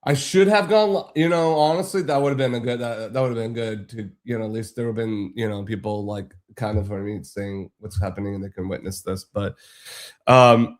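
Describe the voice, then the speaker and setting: A man casually telling a long, frustrated story on a live stream, rambling and swearing freely. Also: medium pitch.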